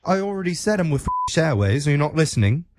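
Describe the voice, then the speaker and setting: A man's voice: on the high side, very animated, quick pace, noisy background. A man putting on a cheeky fake British caller. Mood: teasing. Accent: put-on bad British accent. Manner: cheeky, teasing, chuckles at own jokes. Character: pushy fake British airline customer-care man. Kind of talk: radio prank call.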